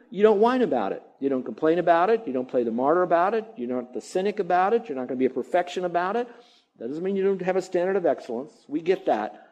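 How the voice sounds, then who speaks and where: A man's voice: on the high side, dark tone, rough recording. A man preaching a sermon as a pastor, emphatic and repetitive, now and then mimicking grumbling.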